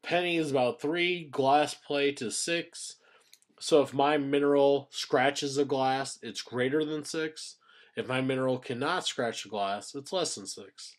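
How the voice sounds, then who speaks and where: A man's voice: medium pitch, unhurried. A man teaching a science class in a recorded lecture, explaining step by step and stressing key terms.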